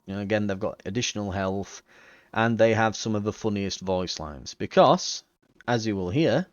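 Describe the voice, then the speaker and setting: A man's voice: fairly low pitch, normal speed, dry recording, dull audio. English man chatting over gameplay. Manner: chatty, joking asides. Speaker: let's play host. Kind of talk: casual gameplay commentary.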